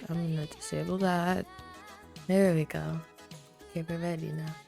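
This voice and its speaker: Chatty young woman streamer, mellow voice. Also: low voice, moderate pace, creaky, faint music behind. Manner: chatty, excitable, swears freely, greets viewers by name. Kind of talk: casual chat with stream viewers.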